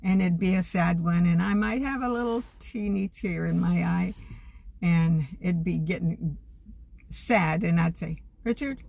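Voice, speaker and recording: An older woman's low, gravelly voice carries a homespun, earnest monologue. She speaks plainly and warmly of faith, as if chatting straight to her camera. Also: fairly even intonation, unhurried. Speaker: vlogger. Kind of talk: casual reflective monologue.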